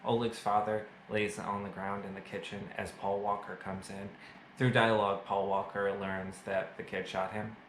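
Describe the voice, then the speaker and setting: Dude rambling about a movie w lots of "like", kinda low voice, echoey room. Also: male voice, flat delivery, normal speed, slight background noise. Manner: chatty, filler-heavy, self-mocking jokes. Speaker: movie reviewer. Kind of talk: casual video review. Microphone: camera mic.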